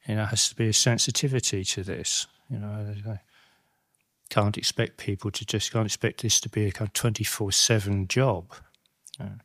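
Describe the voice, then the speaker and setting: A middle-aged man, a Buddhist monastic teacher, gives a Dhamma talk in a reflective, halting way, restarting often and using many tag questions. His voice is lowish, and the studio-quality recording has no echo.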